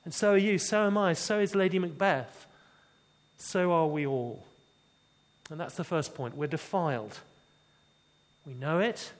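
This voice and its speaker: Expressive preacher, fairly high voice. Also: male voice, measured pace, pauses often. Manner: expressive, dramatic drops to quiet emphasis. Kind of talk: sermon.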